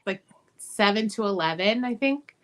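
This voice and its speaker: A woman's voice: mid-range voice, lively intonation, normal speed. A woman hosting a casual chat, playful and teasing. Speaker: host.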